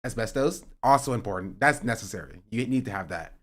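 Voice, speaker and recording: Young man, livestream chat, very lively pitch, sarcastic jokes, ranting at times. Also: brisk. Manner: joking and sarcastic, reading chat aloud; rising to animated ranting. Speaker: streamer.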